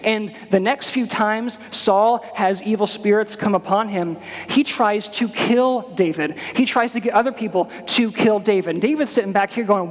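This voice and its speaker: A man's voice: high-pitched, measured pace, big-room sound. A man preaching a sermon as a pastor, retelling a scripture story in a casual, storytelling way with slangy asides. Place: church.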